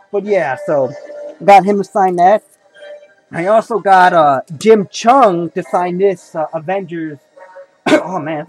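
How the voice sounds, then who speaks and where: A man's voice: high-pitched, a little mellow, low-quality recording. A young man in casual video chat, rambling about signed comics, repeating himself and saying "folks" and "you know" a lot. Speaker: comic collector vlogger. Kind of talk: casual haul video talk.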